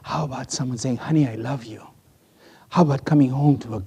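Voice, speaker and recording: Middle-aged male preacher, warm husky tone, dramatic storyteller who drops to a hush. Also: medium pitch, brisk. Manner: dramatic storytelling, swings from loud to hushed. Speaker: pastor. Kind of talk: sermon.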